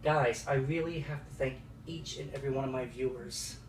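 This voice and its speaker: A man vlogging a delivery at home, excited and emotional, speaking haltingly with many fillers. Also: medium pitch. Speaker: vlogger unboxing a piano. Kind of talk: casual home video vlog. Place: at home by the front door. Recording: echoey, distant, noisy with passing traffic.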